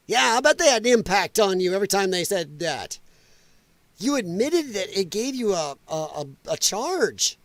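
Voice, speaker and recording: A man's voice: high voice, very animated, moderate pace, dry recording. A middle-aged man hosting a podcast, reacting to clips with mocking comments, exclamations and frequent laughs. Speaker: host.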